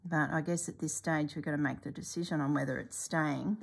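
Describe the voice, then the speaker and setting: A middle-aged woman talking through a stitch-along embroidery tutorial in a calm, musing way, often dropping to a soft whisper. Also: low voice, fairly quick, creaky, slightly rough. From Australia.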